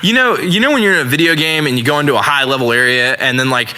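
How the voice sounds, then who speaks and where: A young adult man, a musician guest on a podcast, telling stories in a casual, profane, animated way and acting out voices. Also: a little high, very fast. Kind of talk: casual storytelling.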